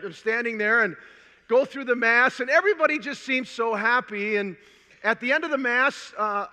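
Onstage at a conference in a large hall, an older Minnesotan man shares an animated, funny story from his own life. He speaks in a very high, strikingly bright voice, with long hall reverb lingering after every phrase.

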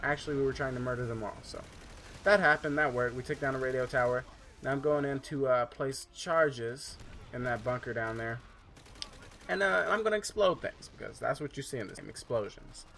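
Male let's-play host, mid-pitched, rambling and jokey, faint hiss. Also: brisk, vocal fry, a bit bright. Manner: rambling, joking, loose with fillers. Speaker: gameplay commentator. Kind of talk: casual let's-play commentary.

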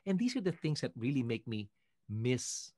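A man from the Philippines, a guest singer, telling stories in a lively way and acting out what others said. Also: medium pitch, moderate pace, no room sound, clean studio sound. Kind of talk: animated storytelling.

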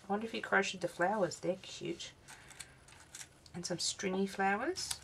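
A woman's voice: medium pitch, moderate pace, creaky, slight background noise. A woman, tired and yawning, chatting through a craft unboxing vlog and exclaiming over each little item. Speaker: craft vlogger.

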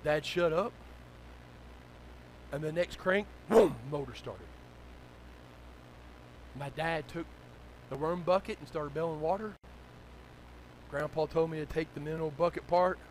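A male pastor, preaching a sermon that moves from low, conversational storytelling to loud, shouted exhortation. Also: measured pace, pauses often, a little hiss or hum, poor audio.

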